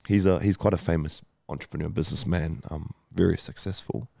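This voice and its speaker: Low gravelly guy in his 30s on a podcast, swearing a lot, lots of ums, dry sound. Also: fairly even intonation, brisk, mellow, dry recording. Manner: emotional, swears often, many fillers and restarts. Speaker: podcast guest. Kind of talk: candid conversational storytelling.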